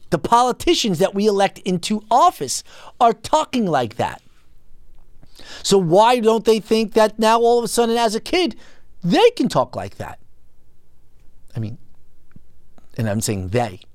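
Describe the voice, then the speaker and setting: A man's voice: high-pitched, huge pitch swings, unhurried, pauses often, no echo, studio quality. A man hosting a podcast, ranting in an indignant, incredulous and mocking way. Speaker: podcast host. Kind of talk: ranting commentary.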